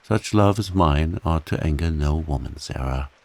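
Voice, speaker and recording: A man voicing a humble, devoted man earnestly and huskily pleading his love in a soft bedtime reading. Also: a bass voice, normal speed.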